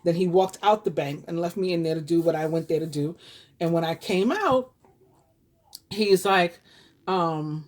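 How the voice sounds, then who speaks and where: Speaking unhurriedly in a lowish, darkish voice, this fifty-something tarot reader from New York shares a personal story with her viewers. Her New York accent comes through as she chats and rambles, often restarting and using fillers.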